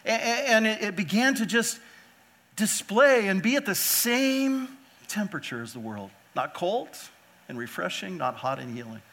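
A man preaching a sermon as pastor, lively and animated, often putting rhetorical questions to his listeners. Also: high voice, a little slow.

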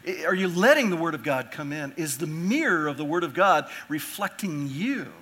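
Bright-voiced preaching pastor, a man. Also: a little high. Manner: earnest preaching, rising to emphatic swells then dropping soft. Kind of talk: sermon.

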